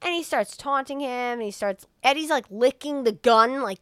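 A young woman with a fairly high voice tells a film plot to her co-host. She swears casually and acts out the characters' lines as she goes. The mic is close and dry. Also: normal speed, few pauses, smooth, no room sound. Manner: profane, animated retelling with quoted voices. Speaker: podcast co-host. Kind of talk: casual movie recap.

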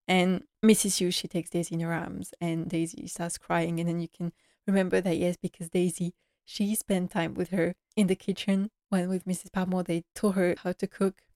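Earnest woman recapping a drama, low and flat. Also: moderate pace, no echo, clean studio sound. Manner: earnest, emotional, many filler likes. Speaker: TV series recap vlogger. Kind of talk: casual episode recap.

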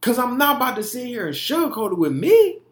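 A man's voice: very high voice, sing-song, fast. Candid, profane young man in echoey room. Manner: candid and emphatic, profane, mimicking his own inner talk. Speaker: podcast host. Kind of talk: candid monologue.

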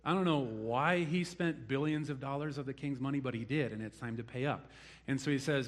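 A man's voice: mid-range voice, a little fast. A man preaching a sermon, telling the story with animation and acting out the people he quotes. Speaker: pastor.

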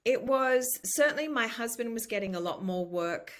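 A woman in her fifties from Australia, with an Australian accent carrying a slight American lilt, talking candidly as an interview guest, with lively restarts and a ready laugh. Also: fairly high pitch, normal speed. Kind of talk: casual conversational interview.

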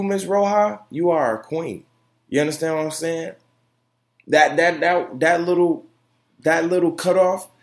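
A young man hosting his own opinion podcast, talking emphatically with lots of profanity, repeated phrases and fillers. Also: a little high. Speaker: podcast host. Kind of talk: solo opinion podcast rant.

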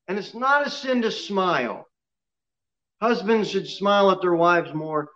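A man's voice: sits high, animated, unhurried, a bit bright, lo-fi sound. A male pastor preaching a sermon to his church, joking and self-deprecating, often repeating himself. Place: church sanctuary.

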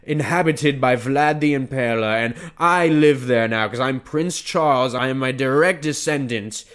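A man's voice: medium pitch, moderate pace, fairly bright tone, smooth, natural voice. A man voicing a smug royal who claims vampire ancestry, in a sarcastic, mock-pompous way.

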